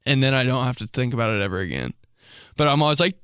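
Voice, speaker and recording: A young man riffs through a casual comedy podcast, rambling and animated, full of fillers and goofy sound effects. His voice is bright and crisp. The recording is close and dry. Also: mid-range voice, quick pace, no room sound. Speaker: podcast host.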